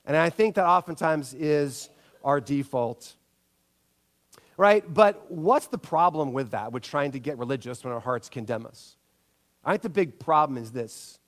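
A middle-aged man with a high voice preaches to his congregation. He tells stories in a lively way, jumping up in pitch to act out what people said. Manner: animated storytelling, acts out quotes with big pitch jumps. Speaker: pastor. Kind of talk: sermon.

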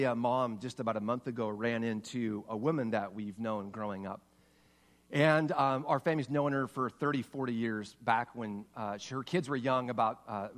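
A man's voice: mid-range voice, big-room sound. Earnest man preaching conversationally. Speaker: pastor. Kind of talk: sermon.

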